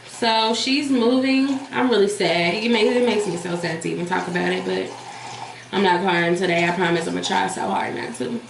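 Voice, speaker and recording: A woman's voice: mid-range voice, moderate pace, creaky. Blunt storytelling woman vlogger. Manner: animated, blunt, profane, addresses viewers as y'all. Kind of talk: casual storytime chat. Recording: echoey room with faint hiss.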